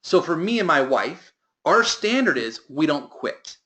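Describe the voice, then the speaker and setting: A man's voice: fairly high pitch, big pitch swings, unhurried, a bit bright. A man giving a motivational sales training talk to a team, with emphatic delivery that lifts and drops.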